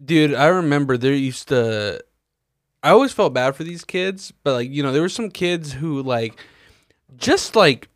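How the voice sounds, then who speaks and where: A man's voice: fairly high pitch, lively intonation, measured pace, no echo. Rambling man, dry close sound. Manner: rambling with frequent fillers and swearing. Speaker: podcast co-host. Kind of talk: casual chat.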